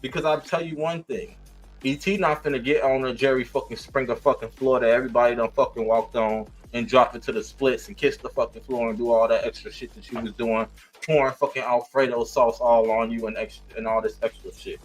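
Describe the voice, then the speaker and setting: A man's voice: mid-range voice, brisk, faint music behind, rough recording. A man reviewing a reality show, cursing, laughing often and talking with sass. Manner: profane, sassy and animated, laughing often. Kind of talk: casual commentary rant.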